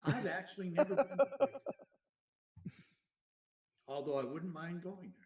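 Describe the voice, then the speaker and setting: A man's voice: high voice, sing-song, moderate pace, darkish tone. A man co-hosting a casual podcast, musing and rambling with stammered repeats. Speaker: podcast co-host. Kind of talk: casual chat. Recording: echoey room, far from the mic.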